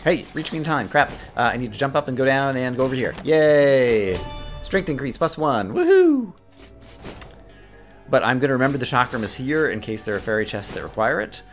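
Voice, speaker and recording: A gaming video host with a lowish, creaky voice provides casual let's-play commentary over game music. He talks fast, gets excitable and often trips over his words.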